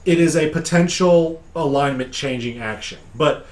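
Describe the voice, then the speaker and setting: A man with a deep voice casually recapping a tabletop game session as game master, digressive and laughing often. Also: moderate pace, echoey room.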